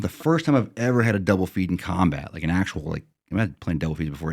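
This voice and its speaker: Very deep, gravelly man telling a war story. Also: a little mellow, no echo, studio quality. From United States. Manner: blunt, matter-of-fact, rambling with restarts. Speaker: retired Green Beret sergeant major, guest. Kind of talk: telling a combat story in casual chat.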